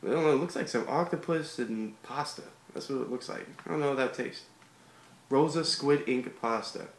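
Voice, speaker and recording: A man's voice: mid-range voice, moderate pace. A man casually reading a comic aloud and commenting on it in a laid-back, slangy way. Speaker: comic read-along host. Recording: echoey room with background hiss.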